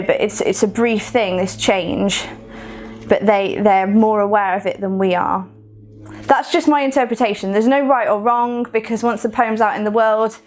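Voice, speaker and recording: A woman with a Coventry accent leading a recorded poetry lesson, explaining in a chatty way with fillers and restarts. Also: medium pitch. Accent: Coventry English. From Coventry, England. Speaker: poetry workshop leader.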